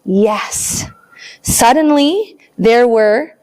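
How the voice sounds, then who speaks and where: A woman librarian reading a picture book aloud to small children, expressive and animated, then leading a counting rhyme. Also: on the high side, slow. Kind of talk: storytime read-aloud.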